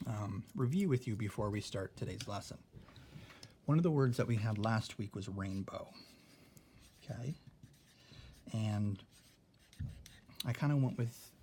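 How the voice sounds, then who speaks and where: A man with a lowish, darkish voice teaches a recorded spelling lesson against slight background noise. He explains things slowly and patiently, tacking "okay?" onto nearly every point.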